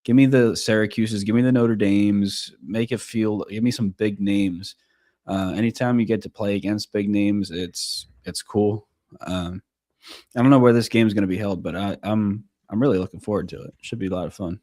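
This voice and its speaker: A man's voice: fairly low pitch, fairly even intonation, moderate pace, warm tone, dry recording, studio quality. A man co-hosting a sports podcast in casual chat, blunt and enthusiastic, swearing casually. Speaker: podcast co-host.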